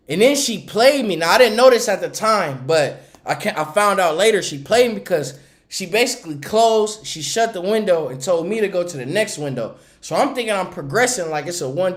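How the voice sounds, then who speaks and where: Animated, high-voiced male trucking storyteller. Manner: animated, acts out the people in his stories; laughs often while telling the story. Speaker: owner of a small trucking company. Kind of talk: casual storytelling on a livestream.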